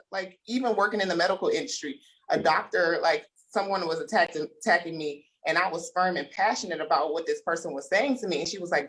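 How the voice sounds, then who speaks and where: A woman's voice: lowish voice, rough recording. A woman on a panel, speaking in a passionate, firm and conversational way. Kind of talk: casual panel discussion.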